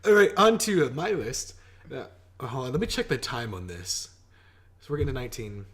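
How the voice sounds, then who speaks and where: A man's voice: medium pitch, big pitch swings, fairly quick, fairly bright tone. A man co-hosting a casual podcast, teasing his friend with crude, sarcastic jokes. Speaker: podcast co-host. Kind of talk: casual joking chat.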